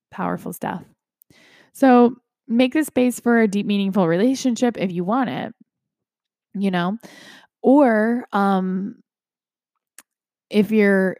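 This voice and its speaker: A woman's voice: mid-range voice, warm tone, dry recording, clean studio sound. Candid, cussing woman yoga teacher. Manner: candid, swears freely, many restarts and fillers. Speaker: podcast host and yoga teacher. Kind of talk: casual self-help podcast monologue.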